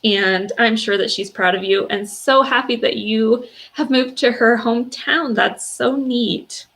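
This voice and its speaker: A woman hosting a casual livestream, reading viewers' stories aloud and reacting in an emotional, gushing way with soft fillers. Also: on the high side, measured pace. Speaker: livestream host.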